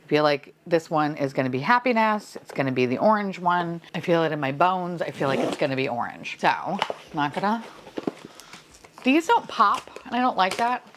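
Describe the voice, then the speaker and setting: A woman's voice: on the low side, expressive, moderate pace, noisy background. A young adult woman chatting casually through a toy unboxing, gushing, gasping and swearing casually. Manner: gushing, gasps and squeals at each reveal, swears casually. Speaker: unboxing vlogger.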